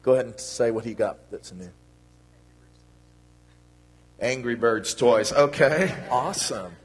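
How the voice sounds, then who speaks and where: A man's voice: mid-range voice, expressive, moderate pace, breathy edge. A man giving a children's sermon in a church, talking to the kids in a playful, friendly way. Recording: long reverb of a church hall.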